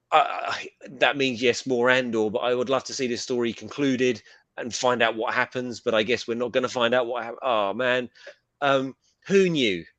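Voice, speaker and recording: A British man co-hosting a casual pop culture chat, talking in a rambling, animated way with casual swearing. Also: mid-range voice, dry recording. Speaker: co-host.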